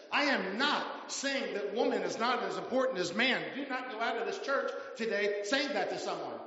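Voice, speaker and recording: A middle-aged male pastor preaching with emphatic repetition, his voice high-pitched for a man. He is in a big church hall with long reverb, and the sound is muffled. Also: a bit bright. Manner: emphatic preaching with repeated phrases. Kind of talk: sermon.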